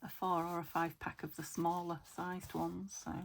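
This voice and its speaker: A woman's voice: lowish voice, little pitch movement, moderate pace, gravelly, a little hiss or hum. A woman casually chatting to herself as she works on a junk journal, thinking aloud and often slipping into a whisper. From United Kingdom. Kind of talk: casual crafting chat.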